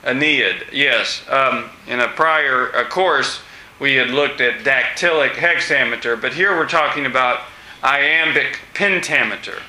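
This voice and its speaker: A man teaching a class, asking students questions with many pauses and fillers. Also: medium pitch, sharp tone. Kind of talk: classroom discussion lesson. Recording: echoey room.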